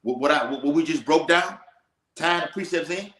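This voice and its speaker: A man's voice: fairly high pitch, moderate pace, a bit bright. A man teaching scripture in an emphatic, preacherly way, checking in with "all right?". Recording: echoey room.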